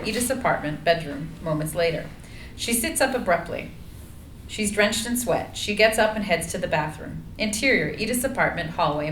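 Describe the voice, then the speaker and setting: A woman reads screenplay stage directions in an even, matter-of-fact way. Her voice sits fairly low. An echoey room and faint noise surround her. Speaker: narrator.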